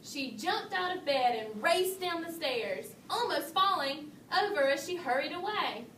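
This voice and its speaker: A woman reading a children's story aloud, expressive, lifting her voice for the bears. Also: measured pace, distant mic. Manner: expressive read-aloud, raising pitch for the bears' lines. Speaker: storybook reader. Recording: echoey room, voice from off-mic, faint hiss.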